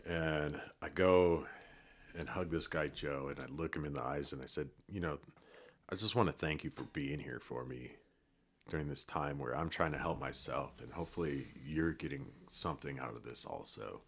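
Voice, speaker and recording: A middle-aged man from Colorado with an extremely deep, low voice. He tells his story casually as a podcast guest, rambling along with fillers and restarts. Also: moderate pace, gravelly, a bit bright, husky.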